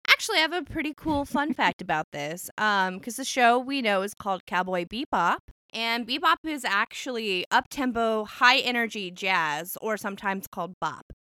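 A woman co-hosting a podcast in casual chat, playful and teasing, with quick laughs. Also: a little high, lively intonation, sharp tone, clear, resonant tone, no room sound. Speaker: podcast co-host.

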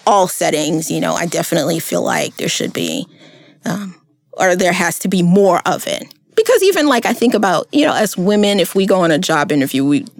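A woman's voice: on the low side, lively intonation, a little fast, gravelly, no room sound. A woman co-hosting a podcast, chatting casually and emphatically with lots of fillers. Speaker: podcast co-host. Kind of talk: casual chat.

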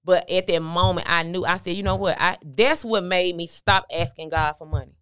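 Guest, woman, middle-aged, low and smooth voice, dry close sound, conversational storytelling. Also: fairly even intonation, moderate pace, a bit bright, no room sound. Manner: conversational, recounting with quoted dialogue. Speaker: guest, motivational speaker. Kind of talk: candid storytelling interview.

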